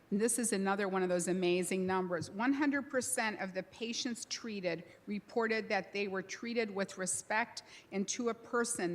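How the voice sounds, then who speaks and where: A woman speaking as a university president at a graduation ceremony, telling a story in a warm, conversational way at a podium microphone. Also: mid-range voice. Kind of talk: commencement speech. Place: large ceremony hall.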